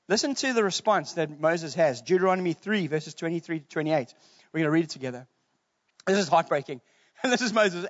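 A man preaching a sermon from the pulpit, casual and joking, animated as he retells a Bible story. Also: high voice, normal speed. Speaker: pastor. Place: church hall, streamed to Zoom. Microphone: pulpit mic. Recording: muffled, reverberant church hall.

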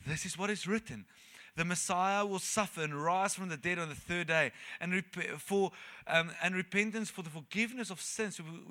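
Bright-voiced conversational male preacher. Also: sits high. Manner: conversational, reads scripture aloud and retells it with lively asides. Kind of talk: sermon.

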